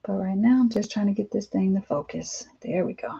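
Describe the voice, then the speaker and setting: A woman in her fifties chatting casually on a live stream, candid and rambling, with lots of fillers, laughs and animated quoted asides. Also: mid-range voice, a little fast, creaky, breathy edge, muffled recording. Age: 50s. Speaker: vlogger. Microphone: live-stream camera mic.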